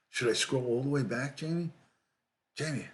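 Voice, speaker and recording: A man's voice: medium pitch, steady tone, measured pace. A middle-aged man, hosting a casual livestream, reading viewer comments aloud and greeting people by name, often repeating himself. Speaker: livestream host, retired detective.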